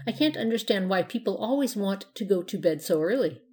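A woman's voice: medium pitch, expressive, a little fast, a little mellow, lightly acted. Blanche, a woman reading a polite little witch girl. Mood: matter-of-fact. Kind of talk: storybook reading.

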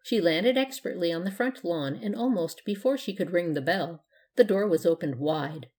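A woman narrating a children's storybook in a steady, gentle way. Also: lowish voice, moderate pace. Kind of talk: storybook reading.

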